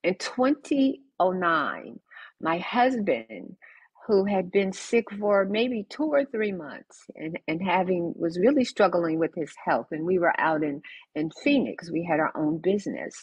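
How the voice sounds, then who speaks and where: Husky, lively older woman telling her story. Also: fairly low pitch, measured pace, dry recording, low-quality recording. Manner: animated, emphatic storytelling with quoted dialogue. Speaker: podcast guest. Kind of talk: conversational storytelling.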